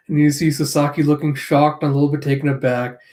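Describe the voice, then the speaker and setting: A man's voice: on the high side, darkish tone. A man reviewing a comic chapter in a casual read-through, narrating panels with off-hand, sardonic asides. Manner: narrates panels, slips into quick character voices. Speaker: manga reviewer.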